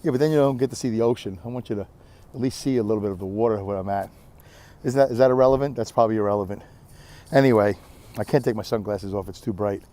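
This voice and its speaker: A man's voice: lowish voice, fast, dark tone. A tired middle-aged man rambling candidly in a casual vlog, filmed at arm's length on a windy beach. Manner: rambling, candid, self-deprecating. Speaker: vlogger.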